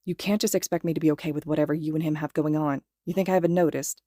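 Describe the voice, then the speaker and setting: Podfic: female reader doing a blunt young man pushing for the truth, low and dark. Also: steady tone, rapid-fire, no room sound, studio quality. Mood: tense. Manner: blunt and pressing. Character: frustrated, insistent young man demanding answers.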